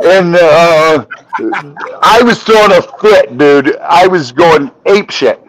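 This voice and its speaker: A middle-aged man telling a story as a podcast guest, animated and profane, rising to shouts when he acts out arguments. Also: fairly high pitch, takes it slowly, poor audio. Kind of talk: storytelling in casual chat.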